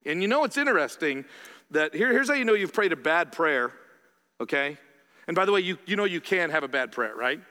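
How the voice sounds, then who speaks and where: A man preaching to his congregation in a high, bright voice, talking in a conversational, animated way and turning often to the people in front of him. The sound carries a long reverb from a church sanctuary. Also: fairly quick. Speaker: pastor. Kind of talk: sermon.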